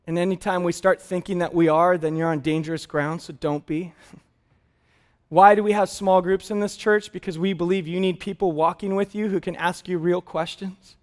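Male pastor, high voice, animated storytelling, thirties, sermon. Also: normal speed.

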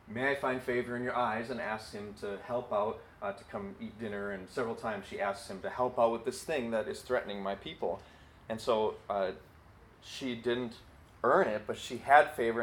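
A man teaching a sermon in a relaxed, conversational way, full of fillers like "like" and "you know". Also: lowish voice, a little hiss or hum, low-quality recording. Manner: conversational, with many fillers and acted quotes. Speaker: Bible teacher.

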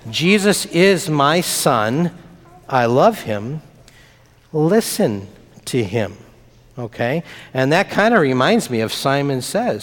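A man leading a children's message in church, talking simply and playfully with the kids. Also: on the high side. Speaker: pastor. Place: church sanctuary. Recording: long reverb of a church hall.

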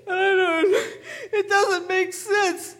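A woman's voice: fairly high pitch, a little slow, darkish tone, long reverb tail, close to an everyday voice. A woman acting as a humble shepherd who tells children an earnest first-person story in church. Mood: grieving. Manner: earnest, tearful in grief. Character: humble shepherd telling his Easter story. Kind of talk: first-person dramatic monologue. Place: church sanctuary.

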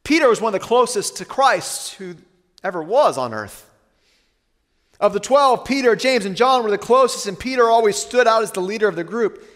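High-pitched guy preaching, earnest, goes slow and quiet on heavy parts, echoey hall. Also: animated. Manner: earnest, slows and softens for weighty lines. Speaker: pastor. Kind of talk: sermon.

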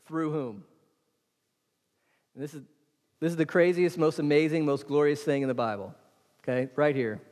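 A man's voice: fairly high pitch, normal speed, long pauses, a little mellow. Emphatic male pastor preaching in a hall. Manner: emphatic, calls on the congregation to respond. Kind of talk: sermon.

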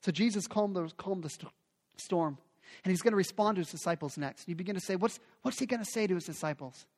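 A man's voice: high-pitched, fast talker, darkish tone. A man preaching a sermon with emphatic delivery, often repeating phrases for effect. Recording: long hall reverb.

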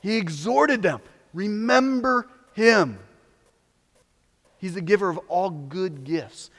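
High-voiced preacher in a reverberant hall. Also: male voice, lively intonation, moderate pace. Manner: dramatic swings between hushed and loud, exhorting. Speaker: pastor. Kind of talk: sermon.

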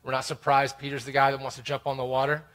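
A man's voice: medium pitch, monotone, fast talker, fairly bright tone. Earnest man preaching an expository sermon. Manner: earnest, emphatic preaching, reading scripture aloud with rising stress. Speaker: pastor.

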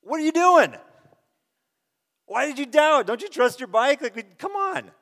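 Man voicing a high, shouting, exasperated parent; echo of a big hall. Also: sing-song, moderate pace, full character voice. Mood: scolding. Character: exasperated scolding parent yelling at a child.

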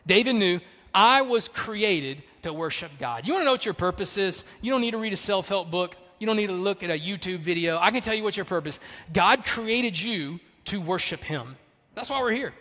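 A man's voice: high-pitched, brisk. Male pastor, sermon delivery, emphatic; long hall reverb. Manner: emphatic, swings between loud punches and soft trailing lines.

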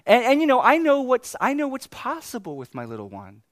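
A man in his thirties preaching, telling a family story with animated swings between exasperated outbursts and quiet reflection. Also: very high voice, a little fast, hardly any pauses, no room sound, studio quality. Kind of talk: sermon storytelling.

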